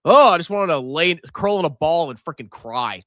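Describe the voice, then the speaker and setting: Animated, high-pitched joking man. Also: moderate pace, no room sound, clean studio sound. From Virginia coast, USA. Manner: joking, sarcastic, theatrical swings in pitch. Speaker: livestream host. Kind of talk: casual livestream chat.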